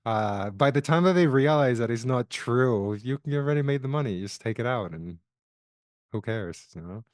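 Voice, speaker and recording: A man's voice: mid-range voice, animated, moderate pace, darkish tone, dry recording, clean studio sound. A man co-hosting a podcast in casual chat, loose and laughing, swearing freely. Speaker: podcast co-host.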